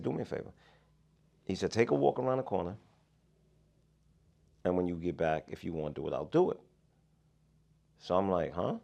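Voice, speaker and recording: Deep gravelly New man, very animated. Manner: animated storyteller, swings between mutters and loud outbursts. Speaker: podcast co-host. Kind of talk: casual chat.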